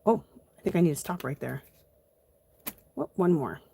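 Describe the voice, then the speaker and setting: A woman's voice: low voice, normal speed, creaky, dark tone, a little hiss or hum. A woman hosting a casual live art journaling tutorial, chatting to viewers as she works. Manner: chatty, addresses viewers as "you guys".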